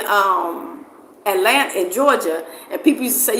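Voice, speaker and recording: A woman's voice: a little high, normal speed, fairly bright tone. A middle-aged woman from New Jersey with a New Jersey accent mixed with a Southern US one. She talks loosely in casual conversation as an interviewee, rambling with lots of "like" fillers and repeats. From New Jersey, USA. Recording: roomy echo with faint background noise.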